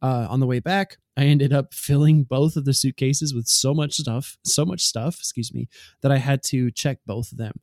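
A man's voice: mid-range voice, fairly even intonation, normal speed, darkish tone, dry recording, clean studio sound. A man co-hosting a podcast, telling a long anecdote in casual chat with many fillers. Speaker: podcast co-host.

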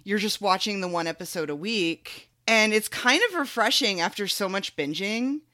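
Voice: medium pitch, lively intonation, normal speed, bright, forceful tone. A podcast co-host chatting casually, telling stories in a rambling way full of fillers. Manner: rambling, filler-heavy storytelling. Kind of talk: casual chat.

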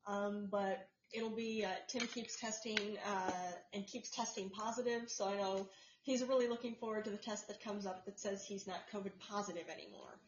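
A woman's voice: mid-range voice, steady tone, normal speed, a little hiss or hum. A woman co-hosting a podcast in casual chat, explaining at length with plenty of fillers and restarts. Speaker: podcast co-host. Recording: roomy, dull lo-fi sound.

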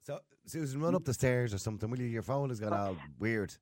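A man's voice: medium pitch, lively intonation, quick pace, a little mellow, dry recording, clean studio sound. A man hosting a radio phone-in, teasing his callers in casual chat. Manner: teasing, laughs often.

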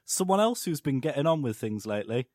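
A man's voice: a little high, big pitch swings, quick pace, darkish tone, no echo, studio quality. A young man, co-hosting a comedic chat and rambling through jokes with restarts. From Britain. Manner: rambling, joking, trails off and restarts. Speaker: podcast co-host.

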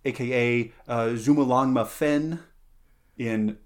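A man's voice: medium pitch, takes it slowly. A man hosting a casual podcast chat, playful and rambling, with lots of fillers, self-corrections and side tangents. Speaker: podcast host.

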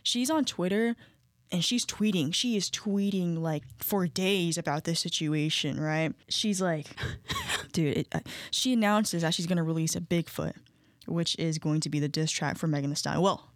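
A woman's voice: fairly low pitch, moderate pace, dry recording, studio quality. A young woman co-hosting a casual gossip chat, telling the story with lots of quoting and laughter. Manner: animated storytelling, quotes others, laughs often. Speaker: co-host.

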